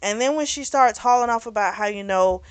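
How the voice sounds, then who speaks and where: A woman hosting a book club channel, recapping a novel's plot in a blunt, animated way, swearing and laughing now and then. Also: medium pitch, a little fast, smooth, no echo. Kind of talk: casual book recap and review.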